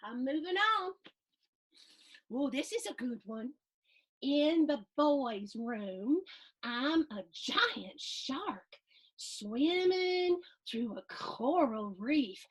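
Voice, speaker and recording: Animated woman reading to kids. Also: high voice, drawn-out words. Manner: animated, asks the children questions, makes sound effects. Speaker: storytime host reading a picture book. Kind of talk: children's read-aloud. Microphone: video stream.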